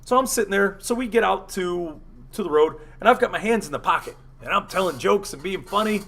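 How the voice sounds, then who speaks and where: A man's voice: high voice, animated, brisk, fairly bright tone. A man hosting a radio show, telling a rambling, profane story in casual chat. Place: studio.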